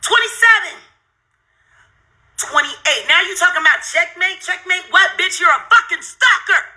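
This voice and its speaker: Mad woman venting on her channel, swears a lot, repeats herself, counts off items sarcastically, super bright and piercing. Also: very high voice, normal speed. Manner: heated, cursing, repetitive, counts aloud sarcastically. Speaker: channel host ranting to viewers. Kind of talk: angry profane rant while browsing videos on screen.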